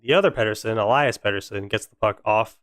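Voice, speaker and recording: A man's voice: fairly low pitch, quick pace, fairly bright tone, no room sound, clean studio sound. A young man giving fan play-by-play on a live stream, frustrated and sarcastic about his team. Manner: exasperated, sarcastic fan commentary.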